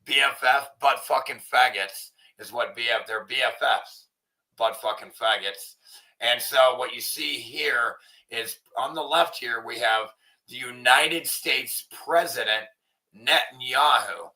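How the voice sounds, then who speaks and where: A man hosting an online commentary show, ranting in a crude, profane way and sometimes shouting. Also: mid-range voice, unhurried, rough recording. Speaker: channel host. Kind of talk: casual commentary rant.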